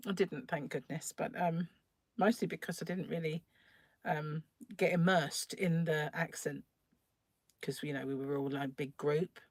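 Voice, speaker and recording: A woman's voice: sits low, steady tone, a little slow, dry recording, clean studio sound. A middle-aged woman, chatting casually on a crochet live stream, laughing often and greeting viewers by name. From England, North London.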